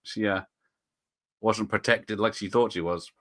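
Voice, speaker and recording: A man's voice: on the low side, steady tone, a little slow, a bit bright, no echo, studio quality. A man hosting a casual live stream, rambling and chuckling as he reads out viewers' chat comments.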